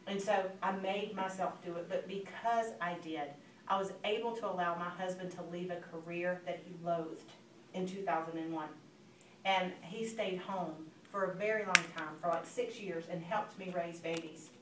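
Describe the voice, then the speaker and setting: A woman, giving an animated motivational sales training talk to a live audience and acting out phone calls. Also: lowish voice, moderate pace. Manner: animated, acts out phone calls, addresses listeners as girl. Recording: echoey room, from a distance, faint background noise.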